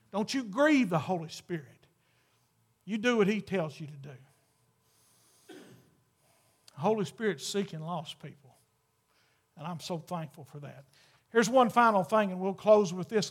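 A male pastor, preaching a sermon to a church congregation in a fervent, emphatic way that builds to loud exclamations. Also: sits high.

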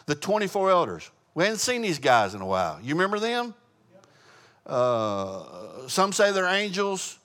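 A man teaching a Bible study in a relaxed, conversational way, asking the group questions as he goes. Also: a little high, measured pace. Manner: casual, asks the group questions, frequent uh fillers.

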